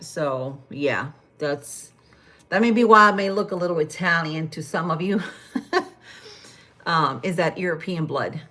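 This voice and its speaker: A woman's voice: low-pitched, bright, forceful tone. A woman in her fifties from Spain, chatting casually on a livestream while she cooks in her home kitchen, rambling with many fillers. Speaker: livestream host.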